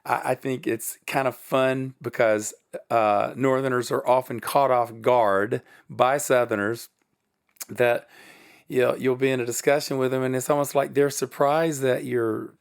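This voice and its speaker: A middle-aged man with a Southern US accent, a guest telling personal stories in an animated way, with a lot of pitch swings and laughter. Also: a little slow, vocal fry, smooth. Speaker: guest, production company head. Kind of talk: storytelling interview.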